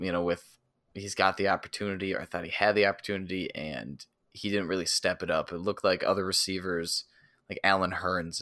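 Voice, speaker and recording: A man's voice: low voice, vocal fry, bright, forceful tone, no echo, studio quality. A man co-hosting a casual fantasy football podcast, joining in with playful joking banter. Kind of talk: casual sports chat.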